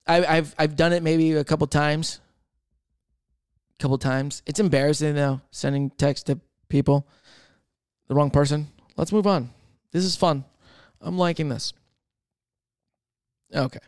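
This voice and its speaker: A man's voice: a little high, steady tone, unhurried, pauses often, smooth, no room sound, clean studio sound. Man rambling on a solo podcast. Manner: rambling, swears freely, thinks out loud. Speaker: podcast host. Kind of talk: casual solo podcast chat.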